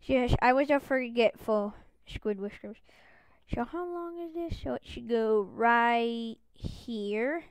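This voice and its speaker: A woman chatters through a casual let's-play, bubbly and quick to exclaim. Her voice sits high and comes across smooth and clear. The sound is close and dry, with no room around it. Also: animated, no echo. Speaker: gaming channel host.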